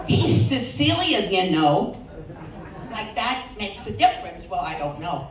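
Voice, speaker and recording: A woman's voice: lowish voice, very animated, extremely slow, pauses often. A woman doing a bawdy stand-up routine, teasing the audience and laughing at her own jokes. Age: 80s. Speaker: stand-up comedian. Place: comedy stage before a live audience. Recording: roomy, distant stage sound.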